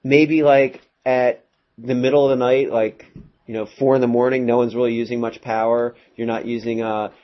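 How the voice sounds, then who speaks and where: A male math teacher giving a casual classroom lecture, rambling a little with fillers and quick asides to his students. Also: mid-range voice, flat delivery. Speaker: high school math teacher. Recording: dull lo-fi classroom recording.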